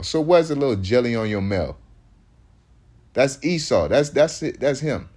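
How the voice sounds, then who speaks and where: A man's voice: medium pitch, lively intonation, unhurried, long pauses, darkish tone. A man, preaching in loose street talk that rambles, restarts often and hits points with emphasis.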